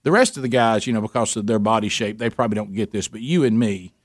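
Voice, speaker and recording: A man's voice: fairly low pitch, quick pace, no room sound, studio quality. An older man chatting as a regular on a talk show, telling a story at length and acting out the people in it. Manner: animated anecdote-telling, acting out quoted people. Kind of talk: casual storytelling chat.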